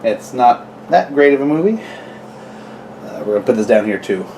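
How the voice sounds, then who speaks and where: A man at a middle pitch chats his way through a home how-to video, drifting off into rambling asides. He sounds easygoing and offhand, with a faint hiss of background noise behind him in the kitchen. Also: sing-song, moderate pace. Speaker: gun owner vlogger. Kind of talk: casual how-to vlog.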